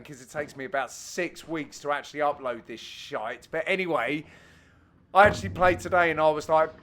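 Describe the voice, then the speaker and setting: A man with a Cockney accent giving cheeky, banter-filled commentary over amateur match footage, with sudden loud exclamations. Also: a little high, a little hiss or hum. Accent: London Cockney.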